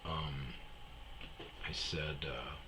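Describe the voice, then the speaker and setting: A man's voice: extremely low pitch, steady tone, drawn-out words, bright, forceful tone, poor audio. A tired man hosting a casual, rambling storytelling monologue, chuckling and acting out his friends' lines. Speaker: storyteller host.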